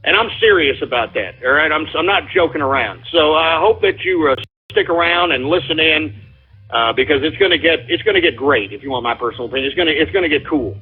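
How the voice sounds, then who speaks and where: A man's voice: on the high side, lively intonation, quick pace. A man hosting a call-in radio show, ranting heatedly with lots of profanity and repetition. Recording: lo-fi phone-like sound.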